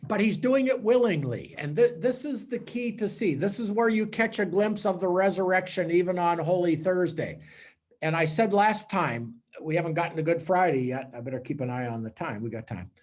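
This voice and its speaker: A man, a priest, giving a conversational teaching talk to a small group with animated storytelling. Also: high-pitched, moderate pace.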